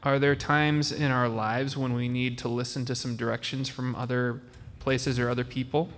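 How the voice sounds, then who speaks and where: A man's voice: mid-range voice, flat delivery, normal speed, in a large hall. A man hosting a podcast, chatting with children and asking them friendly, teacherly questions. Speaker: podcast host. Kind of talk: casual chat with children.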